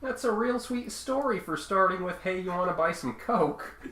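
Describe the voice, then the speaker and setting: A podcast co-host, a man with a bright, slightly high voice, chips in with dry, teasing remarks. He sits a little away from the mic. The room around him is echoey. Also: lively intonation, moderate pace. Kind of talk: casual chat.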